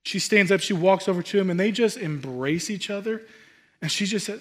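A man preaching a sermon, humorous and animated, swinging between loud excitement and hushed asides. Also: high voice, brisk. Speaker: pastor.

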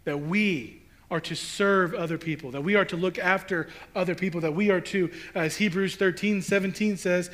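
Young guy pastor preaching, bright high voice, chatty and punchy. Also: moderate pace. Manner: conversational, emphatic preaching with rhetorical questions. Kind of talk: sermon.

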